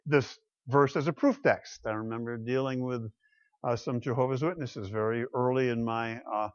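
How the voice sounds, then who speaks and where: A man preaching a sermon, swinging between loud declarations and quiet asides. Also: mid-range voice. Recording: dull lo-fi sound.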